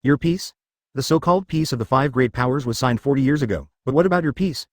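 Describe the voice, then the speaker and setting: A man's voice: medium pitch, fast talker, no echo, studio quality, natural voice. A man reading the lines of a disillusioned, sneering male ninja in a storybook narration. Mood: scornful. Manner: scornful, sneering.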